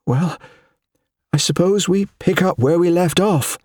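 A man voicing a tense, shrill wife. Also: measured pace, darkish tone, no echo, clean studio sound. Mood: forced calm. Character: tense wife, shrill then forcing calm.

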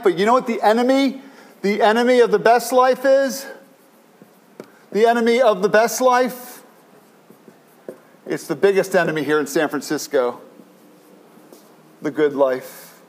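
High-voiced impassioned male pastor. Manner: impassioned, repetitive, with many restarts. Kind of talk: sermon. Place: church in San Francisco.

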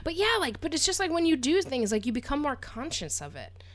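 A woman chatting casually as a podcast co-host, giggly and quick with teasing replies. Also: high-pitched, big pitch swings, crowd noise. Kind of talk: casual chat.

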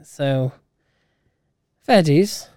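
Man podcast co-host, unhurried and smooth, giggly, recorded dry. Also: fairly high pitch, animated, a little mellow, dry recording. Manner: giggly, easygoing, reads items out. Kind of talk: casual chat.

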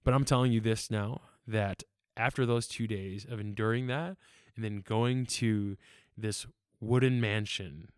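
A man's voice: fairly low pitch, steady tone, a little slow, hardly any pauses, clear, resonant tone, dry recording. Earnest, laughing young man with a dry sound. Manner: laughing, earnest, rambling with fillers. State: tearful. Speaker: podcast guest. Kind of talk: casual podcast chat.

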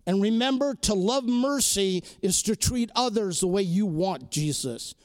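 Male preacher, high voice, slow deliberate exhortation, earnest sermon delivery. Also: expressive, darkish tone. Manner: earnest, exhorting, repeats key phrases. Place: crowded hall or chapel.

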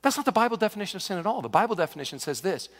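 A man preaching a sermon as pastor, animated and conversational with touches of humor. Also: sits high, racing. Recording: long reverb of a large hall.

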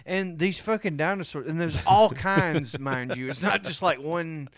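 A man's voice: fairly high pitch, measured pace, dry recording, studio quality. A man co-hosting a podcast, chatting casually and crudely, loopy and swearing freely. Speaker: podcast co-host. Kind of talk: casual banter.

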